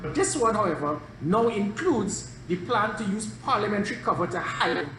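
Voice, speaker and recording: A man speaks in a combative, accusing tone, and his pitch rises and falls in a lively way. The interview clip sounds roomy and echoey, with faint ambience behind him. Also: normal speed, noisy background. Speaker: former police chief interviewee. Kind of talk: interview statement.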